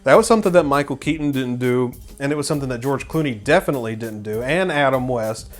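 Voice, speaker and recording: Over soft background music, a man hosts a film review show, speaking fast at a medium pitch. He's enthusiastic and opinionated, rambling casually and restarting often.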